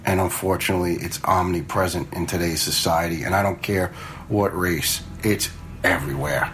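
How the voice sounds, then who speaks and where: Low-voiced guy in his 50s, ex-firefighter, talks blunt and casual, swears a bit. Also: steady tone, moderate pace, a bit bright, low-quality recording. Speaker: retired fire lieutenant, now a stagehand. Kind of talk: casual storytelling.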